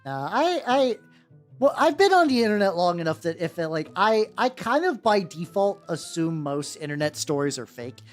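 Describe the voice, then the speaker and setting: A man's voice: sits high, sing-song, normal speed, faint music behind. A man chatting casually on a live stream while painting miniatures, rambling with many restarts, swearing now and then and greeting viewers as they arrive.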